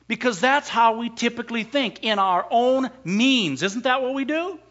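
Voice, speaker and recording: A man's voice: very high voice, lively intonation, moderate pace, a bit bright, highs cut off. A man preaching a sermon, asking the congregation rhetorical questions and pressing his points with emphasis. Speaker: pastor.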